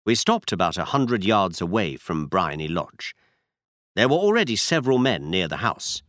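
Expressive male storybook narrator. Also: low-pitched, moderate pace, no room sound, studio quality. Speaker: audiobook narrator.

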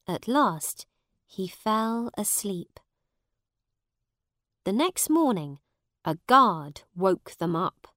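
A woman narrating a storybook in a slow, clear, expressive reading voice. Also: on the low side, no echo, clean studio sound.

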